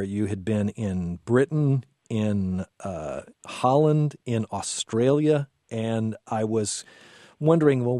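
Male interview host, measured and deliberate, dark mellow voice, dry close sound. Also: lowish voice, dry recording. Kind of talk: interview questions.

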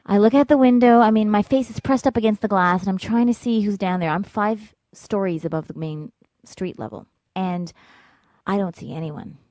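A woman telling a personal story in vivid, dramatic fashion, dropping to a hush and rising again. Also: mid-range voice, moderate pace, dry recording. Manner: vivid, dramatic, ranging from hushed to loud.

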